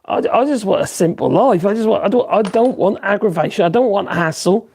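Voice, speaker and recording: A man in his fifties from Norfolk, with his accent intact, chats loosely to viewers of his woodworking livestream, circling back on himself with ums and restarts. His voice is gravelly and a bit husky. It sits slightly higher than most men's. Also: expressive, a little fast, darkish tone. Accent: Norfolk English. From Norfolk, England. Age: 50s. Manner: rambling, many fillers and restarts, chuckles. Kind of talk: casual livestream chat answering viewers.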